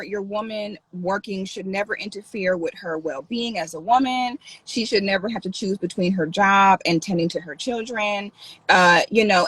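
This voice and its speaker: A woman talking in a casual livestream vlog, animated and sassy. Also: mid-range voice, husky, no echo, low-quality recording. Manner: animated, sassy, exaggerated outbursts. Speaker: vlogger.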